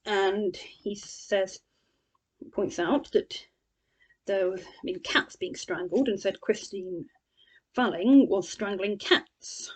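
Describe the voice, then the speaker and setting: A woman's voice: medium pitch, slow pace, a little mellow, slightly rough, rough recording. A woman gives a chatty, sarcastic spoken review of a book, full of scornful asides.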